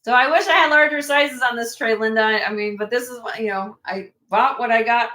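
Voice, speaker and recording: Woman host, live sale stream, quick item rundowns with friendly asides, bright tone. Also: a little high. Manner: brisk item listing with chatty asides and restarts. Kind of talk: casual live-sale chat. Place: at home.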